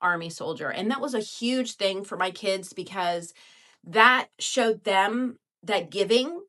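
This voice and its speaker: A woman's voice: mid-range voice, unhurried, fairly bright tone. A woman in a casual podcast chat, speaking in a heartfelt, earnest way.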